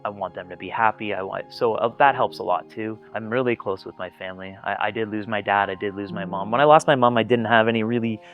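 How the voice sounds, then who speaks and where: A man's voice: on the low side, fast talker, few pauses, highs cut off, faint music behind. A man giving candid personal testimony in an interview, talking earnestly and bluntly, swearing freely and often repeating words as he starts a thought. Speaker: interviewee sharing personal experience.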